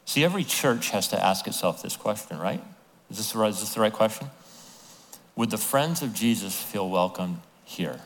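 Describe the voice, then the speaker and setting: A man preaching a sermon as a pastor, telling the story with lively acted-out voices of the people in it. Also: fairly low pitch, normal speed. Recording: long hall reverb.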